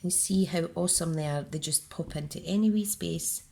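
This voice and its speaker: A woman's voice: lowish voice, a little fast, vocal fry, dark tone, a little hiss or hum. A woman with a Scottish accent, chatting her way through a card-making tutorial and talking herself through each step. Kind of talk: casual crafting tutorial.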